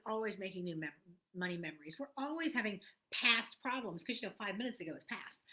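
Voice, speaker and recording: Woman, middle-aged, tapping coach, bright clear tone, gentle affirmations, occasional whispers. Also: medium pitch. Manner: soft, repetitive affirmations, drops to a whisper at times. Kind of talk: guided tapping lesson.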